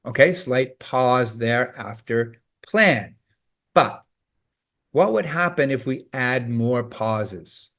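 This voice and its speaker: A man's voice: mid-range voice, expressive, slow, fairly bright tone. A man teaching test preparation in a scripted, emphatic, coaching explanation.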